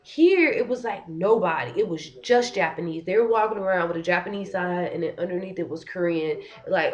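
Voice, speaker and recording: A young woman venting on a casual vlog, talking in an animated, frustrated way and filling her sentences with "like". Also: lowish voice, brisk, hardly any pauses, dull audio. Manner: frustrated, animated, heavy use of "like". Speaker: vlogger. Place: living in Korea.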